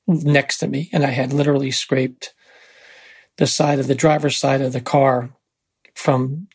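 An older man with a very husky voice, telling a personal story in a rambling, halting way with many fillers and restarts. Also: mid-range voice, flat delivery, darkish tone. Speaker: interviewee.

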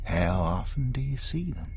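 A man voicing a kind, awkward middle-aged stranger who talks in a hesitant, gentle way. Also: medium pitch, very animated, normal speed, vocal fry, soft background music, pitched above the performer's own voice.

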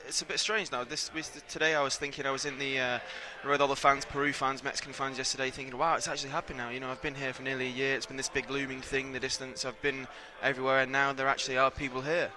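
Young male journalist guest, rapid and very bright, earnest and rambling, flat delivery. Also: mid-range voice. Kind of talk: interview answers.

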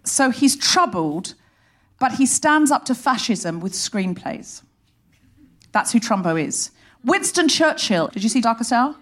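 A woman hosting a comedy podcast, delivering an animated, sardonic stand-up monologue on a live stage into a stage mic. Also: on the high side. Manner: animated, sardonic, rapid comic storytelling. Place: live theatre stage before an audience.

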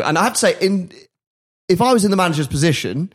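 A man's voice: fairly high pitch, very animated, racing, breathy edge. A man hosting a podcast, telling a story in casual chat and often laughing at his own asides. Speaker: podcast host.

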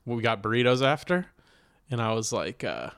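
A man in casual podcast chat, telling a comedy story and slipping into the voices of the people in it. His pitch sits in the middle range, and he keeps a relaxed, conversational flow. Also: moderate pace, smooth. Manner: storytelling, acting out quotes, laughs often.

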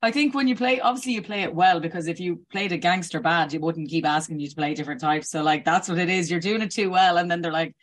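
An Irish interviewer chatting casually, with quick quoted asides. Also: medium pitch, a bit bright.

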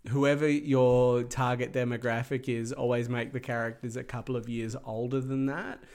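A man's voice: mid-range voice, flat delivery, moderate pace, darkish tone. A man chatting casually as a podcast co-host, rambling with many fillers and hedges. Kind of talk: casual chat.

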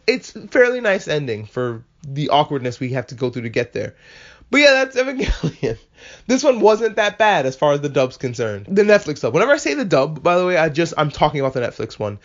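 A podcast host recaps anime episodes in an offhand, foul-mouthed way. His voice sits a little high for a man. The recording sounds muffled and lo-fi. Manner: casual, profane, animated asides. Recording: muffled lo-fi audio.

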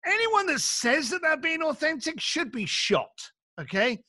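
A man's voice: very high-pitched, sing-song, a little slow, sharp tone, no echo, clean studio sound. A middle-aged man, an author guesting on a podcast, telling stories in a blunt, emphatic way and acting out the voices of people he quotes. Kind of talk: animated conversational storytelling.

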